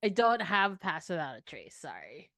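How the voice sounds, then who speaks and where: A woman's voice: on the low side, huge pitch swings, moderate pace, fairly bright tone, no echo, clean studio sound. A woman playing in an online tabletop game, playful and a bit hesitant. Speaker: player. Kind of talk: casual tabletop game chat.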